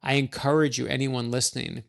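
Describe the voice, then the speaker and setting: A middle-aged man from New York, an author guest, telling stories in a quick, animated way and acting out the voices of people he quotes. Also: medium pitch, vocal fry. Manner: animated, fast-talking storyteller, acts out quoted lines. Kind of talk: conversational storytelling.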